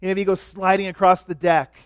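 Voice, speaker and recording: A middle-aged man preaching a sermon as pastor, animated, dropping to soft asides. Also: sits high, fairly quick, smooth, no echo, studio quality.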